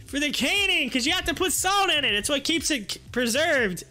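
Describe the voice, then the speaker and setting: A livestream host tells a rambling, laugh-filled story in a high, bright voice. He grows animated at the funny parts, with faint music under him. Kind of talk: casual storytelling.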